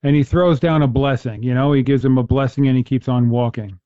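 A man hosting a casual conversation about faith speaks earnestly, telling stories and restarting his sentences as he thinks. His voice is mellow, at an ordinary pitch. The sound is dry and close, with a slightly muffled, lo-fi quality. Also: fairly even intonation, brisk, dry recording. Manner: earnest, storytelling, with frequent restarts. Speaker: host.

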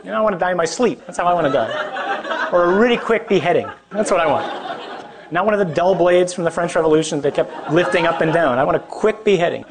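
A man whose voice sits high preaches at a quick pace as a parish priest, keeping it humorous for his young audience. His style is conversational and self-deprecating, and he regularly asks his listeners questions.

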